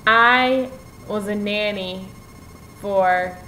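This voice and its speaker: A young woman at a middle pitch with a dry, wry way of talking, heard on a home camera mic. She answers in a relaxed, casual vlog style over a light background hiss. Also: very slow, rough recording. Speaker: vlogger. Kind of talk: casual chat.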